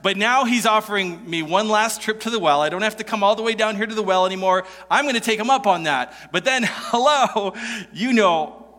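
A man voicing a surprised Samaritan woman at a well, speaking quickly and in disbelief in the first person. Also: high voice, sharp tone. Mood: flustered. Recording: long hall reverb.

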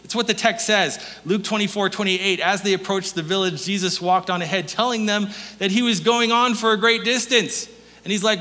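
A man's voice: high voice, normal speed, sharp tone. A male pastor preaching a sermon in a church, telling stories in a playful way and chuckling between points. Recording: long hall reverb.

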